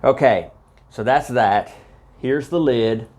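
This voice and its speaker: A man's voice: medium pitch, darkish tone. A man walking through his homestead project in a casual how-to video, rambling and correcting himself as he goes, holding a handheld microphone. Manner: rambling, halting, with frequent uhs and self-corrections. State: out of breath. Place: outdoor homestead fodder house.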